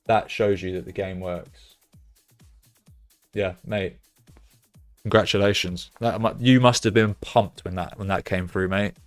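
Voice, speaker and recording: Excitable British streamer, low voice. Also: male voice, measured pace, long pauses, faint music behind. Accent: British English. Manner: excitable, loud bursts of cheering and swearing. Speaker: streamer hosting a fantasy football stream. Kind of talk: casual live-stream chat, reading out chat messages.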